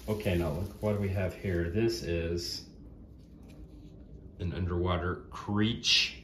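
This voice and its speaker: Guy unboxing stuff, slow and lowish, keeps going all hushed and amazed, roomy sound. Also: fairly even intonation, slight background noise. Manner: slips into hushed whispers of awe. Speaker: vlogger unboxing a gift. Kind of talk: excited unboxing chat.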